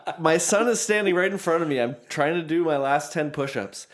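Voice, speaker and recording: A man's voice: a little high, brisk. A man co-hosting a casual parenting podcast, rambling with many fillers. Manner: rambling, heavy use of "like" and fillers. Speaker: podcast co-host and father.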